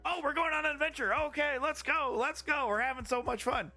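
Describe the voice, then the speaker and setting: A man voicing a carefree, excited dog in a high, giddy, drawn-out put-on voice. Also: soft background music, heavily acted.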